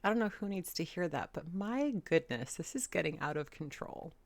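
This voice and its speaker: A woman's voice: lowish voice, expressive, moderate pace. A woman hosting a reaction video, giving blunt, exasperated commentary and swearing casually. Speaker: commentary host.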